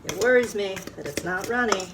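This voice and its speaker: A woman hosting a casual cooking show from her home kitchen, talking chattily and excitably to viewers as she works through each step. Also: mid-range voice, a little fast. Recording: background noise and clicks.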